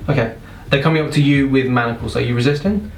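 A man running a tabletop game as dungeon master, relaxed and repeating okay a lot. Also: mid-range voice, fast. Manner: relaxed, lots of repeated okays. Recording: roomy distant mic with background noise.

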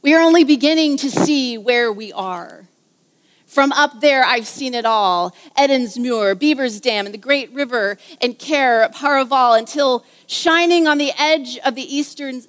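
A grand male eagle crying out to kings and queens in slow, lifted, stately words, as a woman reads him aloud, her pitch riding high, and a long reverb trails behind every phrase. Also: expressive, a bit bright. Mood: awed proclaiming. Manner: slow, stately, rising declaration. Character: noble male eagle, proclaiming in awe.

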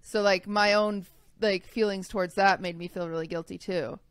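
A woman's voice: medium pitch, steady tone, normal speed, clear, resonant tone, no room sound. A young woman co-hosting a podcast, telling a personal story in a rambling, casual way with lots of fillers. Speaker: podcast co-host. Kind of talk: casual chat.

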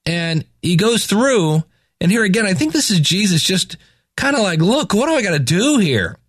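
Man, slightly higher voice, dry close sound; casual scripture reader mixing verses with chatty asides. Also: no room sound. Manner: reads scripture aloud then paraphrases in slangy asides. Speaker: Bible reading commentator. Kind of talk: casual Bible reading and commentary.

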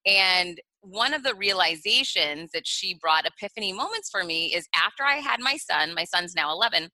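An animated woman in her forties, telling stories on an interview podcast and slipping into sing-song baby talk now and then. Her voice is bright and forceful. The recording is close and dry. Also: fairly low pitch, normal speed, no room sound, low-quality recording. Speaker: guest author.

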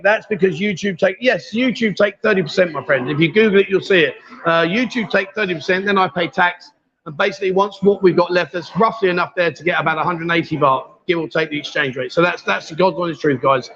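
A man's voice: high-pitched, quick pace, a bit bright. A man hosting a livestream from a bar, chatty and teasing with his guests. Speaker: livestream host. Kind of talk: casual chat. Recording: dull lo-fi livestream audio.

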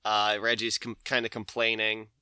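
A man's voice: lowish voice, completely flat delivery, normal speed, bright, forceful tone, clear, resonant tone, dry recording. A man hosting a podcast, casually recapping a comic and acting out the characters' lines with laughs. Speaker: podcast host.

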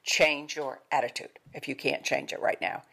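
A woman's voice: deep voice, fairly even intonation, moderate pace, gravelly, bright, forceful tone. An older woman giving an emphatic motivational talk as a wellness speaker, repeating her key words in a coaching tone.

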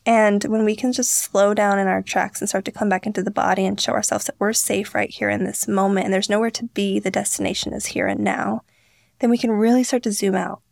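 An earnest young woman tells stories on a podcast, slipping into quoted voices as she goes. Her voice carries a gravelly fry. The sound is dry and close. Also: mid-range voice, little pitch movement, a little fast, no echo. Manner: earnest, storytelling, acts out quotes. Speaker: podcast guest, founder. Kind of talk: candid interview talk.

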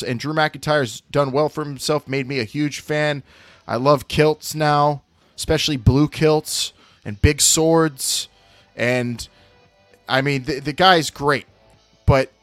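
A man co-hosting a casual wrestling podcast, loud and excitable, repeating catchphrases. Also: on the high side, dry recording. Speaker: podcast co-host.

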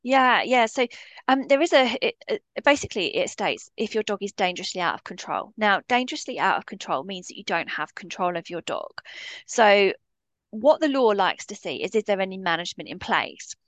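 A woman's voice: medium pitch, expressive, fairly quick, a bit bright, dry recording. A woman dog behaviourist giving a podcast interview, speaking bluntly and with strong feeling. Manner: blunt, impassioned.

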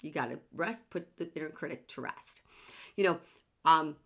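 A woman hosting a self-help podcast in a bright, sharp-edged voice. She talks earnestly and with emphasis, and she keeps checking in with rhetorical questions. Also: sits low, moderate pace. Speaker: podcast host.

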